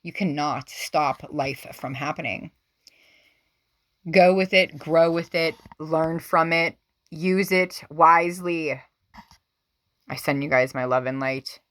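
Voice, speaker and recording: A woman giving a tarot reading to her viewers, gushing and exclamatory, swinging between excited outbursts and hushed asides. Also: low voice, takes it slowly, long pauses. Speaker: tarot reader.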